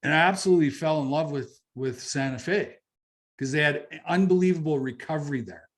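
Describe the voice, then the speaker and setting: A man's voice: fairly high pitch, fairly quick. A middle-aged man from Canada, telling a personal story as an interview guest in a blunt, conversational way, swearing freely and repeating phrases for emphasis. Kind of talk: candid storytelling.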